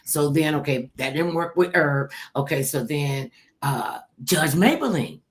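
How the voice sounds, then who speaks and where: Low-voiced older woman telling a lively story. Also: a little slow. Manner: animated, acts out quoted voices, laughs. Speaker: talk show host telling her story. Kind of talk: casual storytelling chat.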